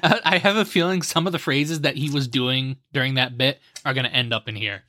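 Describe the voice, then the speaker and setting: A man in his thirties co-hosting a casual podcast, laid-back and teasing, quick to laugh, close to the mic. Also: mid-range voice, fairly even intonation, sharp tone, dry recording. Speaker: podcast co-host guessing slang.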